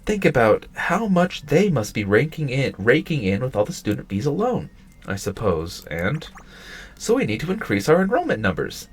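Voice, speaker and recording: A man's voice: mid-range voice, huge pitch swings, normal speed, slightly rough, pitched above the performer's own voice. A man reading aloud in a raised, drawling voice as a lazy, sly schoolgirl who leads the club. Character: lazy, scheming older schoolgirl, president.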